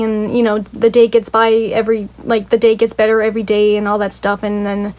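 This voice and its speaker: A woman's voice: a little high, moderate pace. A young woman casually retelling a story for a video review, rambling with lots of "like" and swearing, and gushing about how sad it was. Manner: emotional, gushing.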